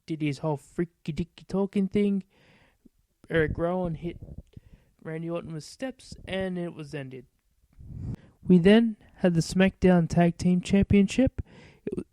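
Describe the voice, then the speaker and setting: Man, show host, casual wrestling recap, opinionated, swears, mellow tone, dry sound. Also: high-pitched, no room sound. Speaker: podcast host.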